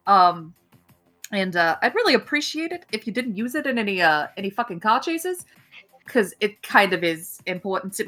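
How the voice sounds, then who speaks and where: A woman's voice: mid-range voice, big pitch swings, normal speed, bright, forceful tone, soft background music. A young woman narrating a tabletop game as game master, casual and profane, voicing many characters.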